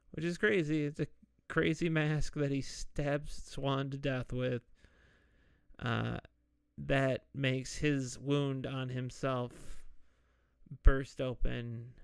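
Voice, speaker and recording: A man hosting a podcast, slowly and casually retelling a movie's plot with jokey asides. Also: medium pitch, creaky, clear, resonant tone, no echo, studio quality. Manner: slow, laid-back retelling with jokey asides and mock quoted voices. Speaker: podcast host. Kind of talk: casual solo movie recap.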